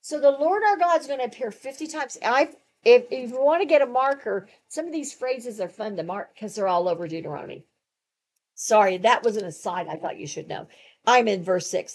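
A woman's voice: a little high, very animated, normal speed, slightly rough. A woman teaching through a Bible book to a group, emphatic and conversational, with asides and questions to her listeners.

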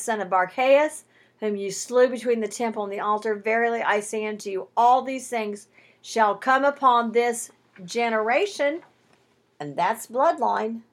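Bright-voiced woman teaching the Bible. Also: medium pitch. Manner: emphatic, asks rhetorical questions, stretches key words. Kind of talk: Bible teaching with scripture reading. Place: at home.

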